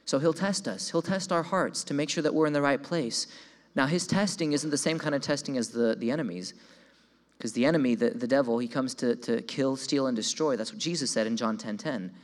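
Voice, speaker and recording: A young man delivers a sermon testimony, animatedly telling his story, voicing his own quoted thoughts, and repeating words when excited. His medium-pitched voice moves fairly quickly, set in a long hall reverb.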